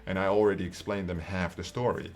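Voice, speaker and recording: A man's voice: low voice, fairly even intonation, quick pace, a little mellow, a little hiss or hum. A Dutch man in his twenties with a Dutch accent, telling a personal story in a casual, profane way and often tagging his sentences with "right?". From Netherlands. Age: 20s. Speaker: online coach.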